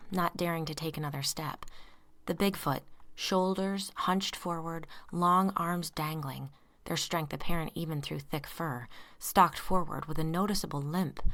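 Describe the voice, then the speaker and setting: A woman narrating a story aloud, reading tense dialogue in hushed whispers. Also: deep voice, fairly even intonation, a little slow. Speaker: audiobook narrator. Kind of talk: scripted narration.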